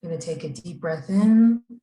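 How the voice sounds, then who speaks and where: A woman instructor walks a group of kids through a calm breathing exercise, speaking slowly and gently. Her voice sits a little low and comes from a distance, with plenty of room echo around it. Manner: slow, gentle, soothing guidance. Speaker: camp instructor leading children. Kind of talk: guided breathing and mindfulness exercise. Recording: echoey room, voice from far off.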